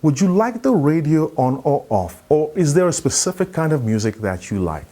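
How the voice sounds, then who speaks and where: A man voicing a polite, relaxed male cab driver who speaks in a calm, courteous and reassuring way. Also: a little high, normal speed.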